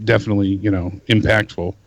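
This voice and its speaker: A man co-hosts a live wrestling talk stream, easygoing and agreeable. His voice sits fairly low for a man. The sound is dry and close to the mic. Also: level tone, fast talker, no room sound. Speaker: co-host. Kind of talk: casual live-stream chat.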